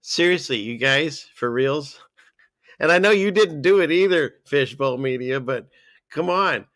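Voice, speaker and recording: A man's voice: mid-range voice, animated, measured pace, a bit bright, no echo. A man hosting a casual commentary show, talking in a sarcastic, scoffing, rambling way. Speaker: podcast host.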